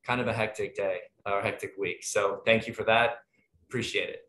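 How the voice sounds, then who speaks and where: A man's voice: fairly low pitch, fairly even intonation, moderate pace, bright, forceful tone, a little hiss or hum. A man moderating an online panel, chatty and friendly, rambling with lots of fillers over a video call. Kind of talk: casual webinar hosting.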